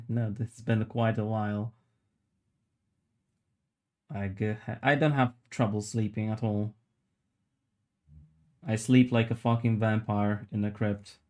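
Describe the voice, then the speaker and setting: A man with a lowish voice talks to his live viewers while he works, rambling from one joke to the next. His delivery stays fairly level and unhurried in its melody, with a casual swear here and there. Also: fairly even intonation, a little mellow. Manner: rambling, joking, reads chat aloud. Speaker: livestreamer sculpting while chatting.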